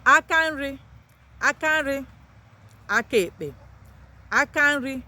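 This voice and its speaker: Her voice is sharp-toned, animated and slow. The woman is a language teacher giving a vocabulary lesson, and she lifts each new word sharply in pitch, repeats it, and then explains its meaning.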